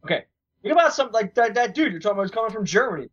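A young man co-hosts a casual sports podcast, joking around and rambling, often repeating his words as he thinks. His voice sits a little high, and the recording sounds dull and lo-fi. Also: very animated, rapid-fire, fairly bright tone, slightly rough. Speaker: podcast co-host.

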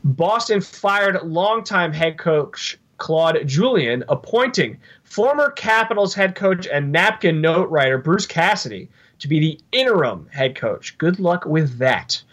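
A man's voice: a little high, very animated, unhurried, few pauses, fairly bright tone. A man co-hosting a podcast, running through hockey news with sarcastic, wry asides. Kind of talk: casual news rundown with jokes.

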